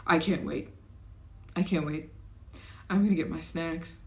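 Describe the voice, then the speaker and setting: A young woman with a somewhat low voice, talking casually on her own livestream. She chats and reacts to comments as they come in, getting excited and animated. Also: a little slow, creaky. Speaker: livestream host.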